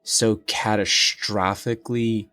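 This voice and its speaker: A young man co-hosting a casual podcast, rambling and profane as he tells animated stories. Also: on the low side, slow, dry recording, studio quality. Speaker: podcast co-host. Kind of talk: casual chat.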